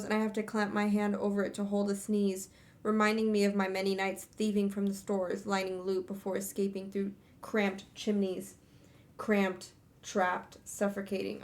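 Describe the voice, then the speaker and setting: Young female streamer, home setup, first-person novel reading with offhand breaks. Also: mid-range voice. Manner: reads in first person, breaks off to laugh and curse. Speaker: streamer hosting a book club reading. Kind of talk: reading a novel aloud with casual asides.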